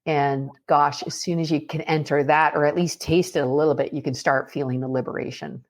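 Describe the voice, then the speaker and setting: Animated woman telling stories. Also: sits low, a little fast. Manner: animated storyteller with frequent fillers. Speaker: podcast guest, author and speaker. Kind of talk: casual podcast conversation.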